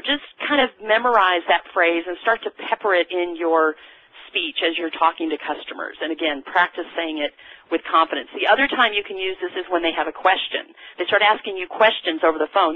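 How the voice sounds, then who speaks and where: Energetic woman sales trainer over a phone line. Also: mid-range voice, fairly quick. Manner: energetic, acts out sample phone lines. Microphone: telephone. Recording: tinny phone-line webcast audio.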